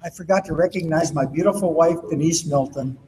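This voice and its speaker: A man making halting recognitions of guests at a convention podium, rambling with restarts. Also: a little high, warm tone. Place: large convention hall. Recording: echoey convention hall, noise.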